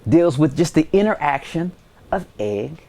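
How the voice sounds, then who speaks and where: Lively, slow-talking male science teacher. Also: fairly high pitch, vocal fry. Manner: casual, joking, conversational. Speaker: high school science teacher. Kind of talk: televised classroom lesson.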